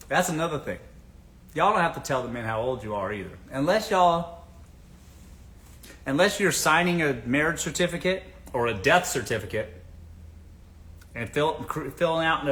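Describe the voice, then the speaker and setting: A man's voice: fairly high pitch, a bit bright. A man from the American South hosting a casual livestream, giving blunt dating advice, swearing freely and asking the audience rhetorical questions.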